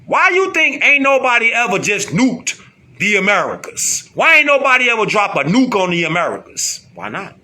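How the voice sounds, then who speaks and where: A man's voice: high-pitched, huge pitch swings, moderate pace, bright, forceful tone. A man giving a casual, slangy streetwise monologue, repeating himself and firing off rhetorical questions. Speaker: online commentator.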